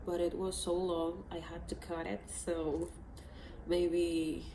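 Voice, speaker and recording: A woman's voice: lowish voice, flat delivery, slow. Chatty woman in an echoey room. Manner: chatty, fills talk with "like" and "so yeah", emotional. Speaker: book vlogger. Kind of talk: casual chat. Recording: echoey room with faint background hiss.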